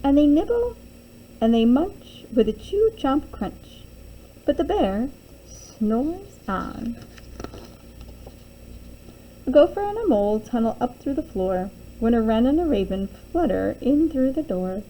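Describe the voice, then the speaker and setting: A woman's voice: high-pitched, very animated, normal speed, warm tone, a little hiss or hum, poor audio. A young adult woman teacher reading a children's picture book aloud, with sing-song storytelling and little character voices.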